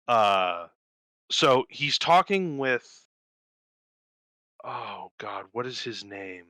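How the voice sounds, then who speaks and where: Casually chatting on a podcast, a young co-host recounts a story laden with swearing and fast character voices, sounding bright, forceful, and animated. His voice is mid-range, and the close, dry recording lacks echo but has poor audio.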